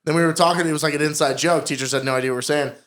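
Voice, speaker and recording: Joking casual podcast guy, slightly high. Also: steady tone, rapid-fire, fairly bright tone. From Connecticut, USA. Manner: joking, laid-back banter. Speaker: podcast co-host. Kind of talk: casual chat.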